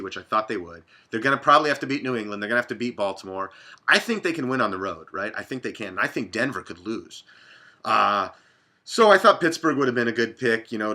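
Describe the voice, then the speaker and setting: A man's voice: lowish voice, sharp tone. A man from Dallas hosting a casual sports betting talk, blunt and profane, rambling from one game to the next. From Dallas, Texas.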